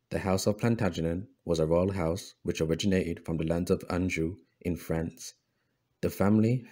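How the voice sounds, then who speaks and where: A man's voice: sits low, dark tone. A man hosting a history video, narrating over images in a preachy tone, calling listeners brothers and often repeating himself with fillers. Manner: repeats words, frequent fillers and restarts.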